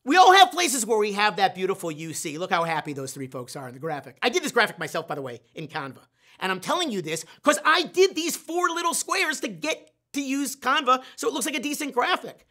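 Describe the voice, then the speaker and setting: A man hosting a sales training talk, animated and self-deprecating, acting out his own inner voice. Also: high voice, quick pace. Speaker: sales trainer and show host.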